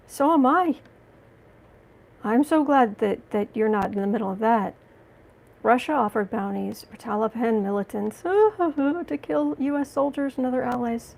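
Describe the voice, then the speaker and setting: A woman's voice: on the high side, unhurried, creaky, rough recording. A woman hosting a live tarot reading stream, reading out viewer comments and reacting with outrage, with frequent restarts and apologies. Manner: heated, indignant, talks back to viewer comments. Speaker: tarot reader and livestream host.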